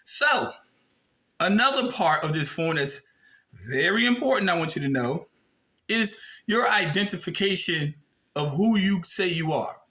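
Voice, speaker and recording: A man with a high, bright and forceful voice talks through a form in a casual explainer. He reads passages aloud, stresses key words hard, and throws in rhetorical questions and blunt swearing. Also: animated, a little slow, poor audio. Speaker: video presenter.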